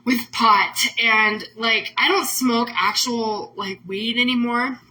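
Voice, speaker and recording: A woman's voice: fairly high pitch, slow, bright, forceful tone, poor audio. A woman host talking casually on a livestream, emotional and rambling, full of "like" fillers. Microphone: phone or webcam on a livestream.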